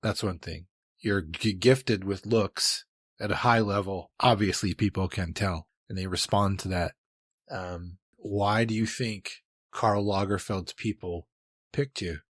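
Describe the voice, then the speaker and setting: Deep, husky-voiced male podcast host. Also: steady tone, unhurried, no echo, studio quality. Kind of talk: interview questions.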